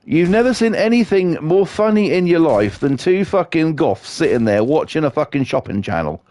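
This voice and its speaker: A man's voice: a little high, sing-song, normal speed, a little mellow, dry recording. A middle-aged British man ranting sarcastically, telling swear-filled everyday stories while streaming a game. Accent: British English. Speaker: livestreamer. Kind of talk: casual ranting chat.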